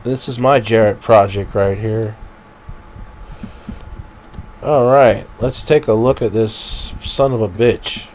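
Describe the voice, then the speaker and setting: A man's voice: fairly low pitch, slow pace, long pauses, a little mellow, slight background noise. Profane rambling man venting on stream. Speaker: live streamer. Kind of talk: rambling live-stream rant.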